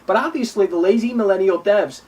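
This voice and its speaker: A man hosts a live stream with a slightly quick, darkish voice, ranting combatively about a game. He sarcastically mocks his critics in a high, whiny put-on voice and keeps repeating himself. The mic is distant and picks up faint noise.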